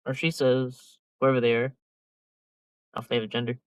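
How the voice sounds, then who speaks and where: A man's voice: mid-range voice, flat delivery, a little fast, smooth, no echo, muffled recording. A young man chatting casually as a podcast host, rambling and slangy with heavy filler and swearing. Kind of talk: casual chat.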